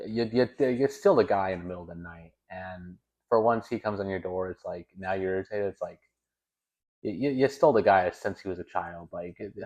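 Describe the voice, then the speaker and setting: A man's voice: fairly low pitch, darkish tone. A young man hosting a video, telling a story in a casual, rambling way with stammers and self-corrections. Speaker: video host.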